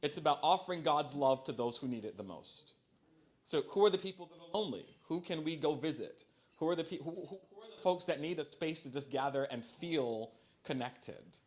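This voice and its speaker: A middle-aged man with a slightly high voice, speaking as a bishop at a parish forum. He talks in an easy, conversational way with filler ums and wry self-deprecating humor. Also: expressive, a little fast. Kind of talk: church forum Q&A answer. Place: church hall.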